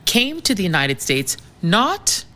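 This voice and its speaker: A woman's voice: mid-range voice, very animated, slow, pushed and bright. A woman commentator speaking with scorn and mockery, in a played broadcast clip. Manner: scornful, mocking. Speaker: television commentator.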